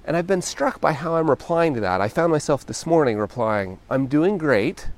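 Man musing gently in a solo monologue. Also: fairly high pitch, animated, a little fast. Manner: conversational, often ends thoughts with "right?"; gentle, thoughtful, encouraging. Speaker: podcast host.

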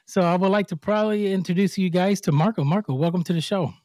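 A man in a casual interview host role, speaking with a somewhat high voice and a dark, mellow tone. He talks loosely and laughs often, stumbling over his notes. The recording is close and dry. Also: quick pace, no echo. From United States. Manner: chatty, stumbles while reading a bio, laughs often. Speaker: podcast host.

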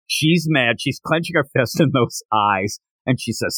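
A man hosting a podcast, casually recapping a manga chapter and acting out the characters' lines in quick voices. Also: mid-range voice, animated, fairly bright tone, slightly rough, dry recording. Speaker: podcast host.

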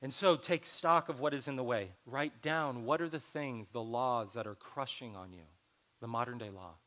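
A man's voice: mid-range voice, normal speed, fairly bright tone. A young adult man preaching a sermon as pastor, conversational and earnest, acting out little dialogues as he teaches.

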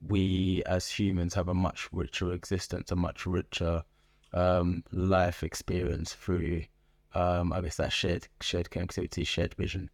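A middle-aged man with a London accent, a guest in an interview, speaking in a thoughtful, measured way with frequent pauses. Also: deep voice, flat delivery, no room sound, studio quality. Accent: London English. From England. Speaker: guest, organization founder. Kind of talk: conversational interview. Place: podcast booth.

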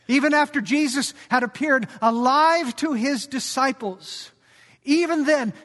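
A man's voice: sits high, fairly bright tone. A male pastor preaching a sermon with dramatic storytelling and rhetorical questions. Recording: long hall reverb.

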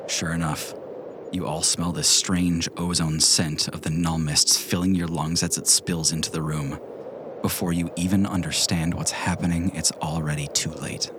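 A man narrating a tabletop game as game master in a hushed, dramatic manner that often drops to a whisper. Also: low-pitched, fairly even intonation, normal speed, noisy background. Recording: music bed underneath.

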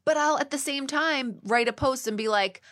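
A woman in her forties, a yoga studio founder, chatting casually as a podcast guest, animated and laughing often. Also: sits high, normal speed. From United States. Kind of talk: casual conversational interview.

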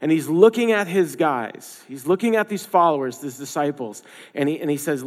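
Higher-voiced pastor preaching in a reverberant hall. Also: male voice, expressive, moderate pace. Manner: conversational, emphatic, repeats phrases for stress. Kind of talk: sermon.

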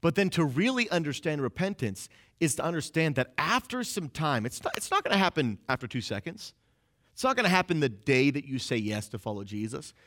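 Brief: young man, casual sermon, animated pitch, slightly high, lots of "like", quick character asides. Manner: casual, conversational preaching with frequent "like"; acts out inner voices in quick asides. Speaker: pastor.

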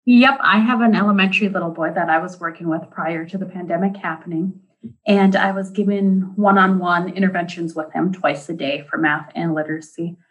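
A woman educator shares a school story with lively storytelling energy. Her voice sits slightly low for a woman. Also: fairly quick, highs cut off. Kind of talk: storytelling in an interview.

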